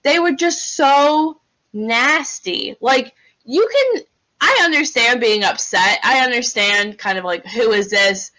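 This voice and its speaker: A woman co-hosting a podcast, talking fast and with animation in casual chat, saying "like" often. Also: fairly high pitch, animated, pushed and bright, low-quality recording. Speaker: podcast co-host.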